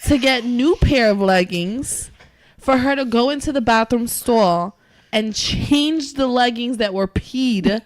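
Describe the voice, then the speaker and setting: A woman's voice: on the high side, slow pace, no room sound. A woman co-hosting a podcast in casual chat, blunt and teasing, swearing freely. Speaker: podcast co-host.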